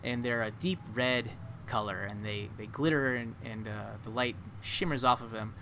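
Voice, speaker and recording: A man's voice: medium pitch, fairly even intonation, moderate pace, pushed and bright, a little hiss or hum. A man narrating a tabletop game as game master, describing scenes with many fillers and restarts.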